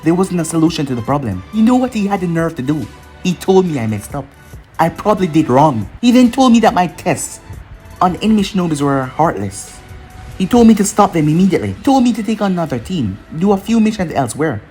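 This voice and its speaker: Tts guy as a bitter brooding ninja villain, lively pitch, faint music. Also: fairly quick.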